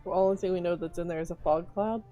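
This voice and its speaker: Woman, tabletop player, mid-pitched, chatty, joking, faint music behind. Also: fairly even intonation, quick pace, dark tone, muffled recording. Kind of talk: casual game chat.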